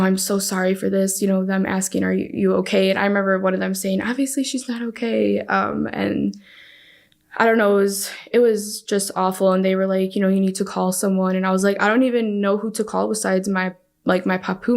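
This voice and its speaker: A young woman sharing her own story as a podcast guest. She talks in a halting way and often breaks off to restart a sentence. Her voice stays quite flat, with plenty of vocal fry. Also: medium pitch. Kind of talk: personal storytelling.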